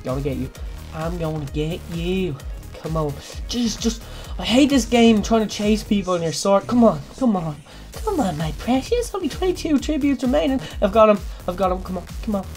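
A young woman giving jokey, excitable let's play commentary, breaking into sudden loud yelps. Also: fairly low pitch, normal speed, faint music behind. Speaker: gaming channel host.

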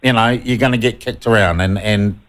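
A man's voice: lowish voice, steady tone, a little fast, fairly bright tone. A man hosting a talk radio interview, blunt and pressing his guest for direct answers. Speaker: radio talk show host.

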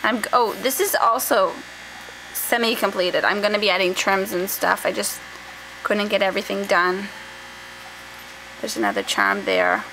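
Slow-talking woman with a gravelly lilt. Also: medium pitch, lively intonation. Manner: soft, chatty, trails off and restarts. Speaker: scrapbooking vlogger. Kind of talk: casual show-and-tell. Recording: faint background noise.

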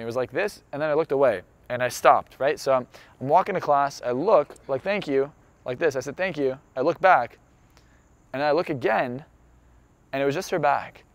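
A man's voice: mid-range voice, no echo. Earnest man telling a heartfelt story. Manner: earnest and emphatic, building to intense conviction. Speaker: motivational speaker. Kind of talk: motivational storytelling monologue.

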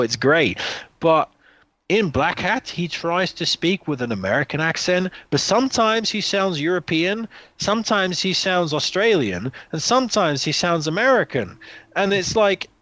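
Man, podcast co-host, lively pitch, dry close mic, blunt and sweary. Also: normal speed, no room sound. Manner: blunt, swears freely, many restarts. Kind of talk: casual film chat.

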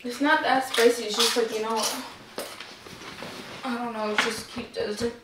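A young woman vlogging at home, talking in a halting, strained way between coughs. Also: on the high side, fairly even intonation. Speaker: vlogger faking a choking fit. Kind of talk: casual prank vlog. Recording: echoey noisy room, mic far off.

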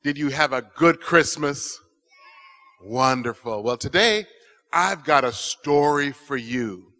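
A man telling a children's story at church with animated, expressive delivery. His voice is bright and fairly high for a man, with lively swings in pitch. He speaks slowly and deliberately. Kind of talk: children's sermon.

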